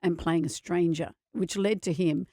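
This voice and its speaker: A woman's voice: on the low side, fairly even intonation, moderate pace, mellow, no room sound, clean studio sound. A middle-aged Australian woman co-hosting a podcast, teasing her co-host in casual chat. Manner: teasing, playful.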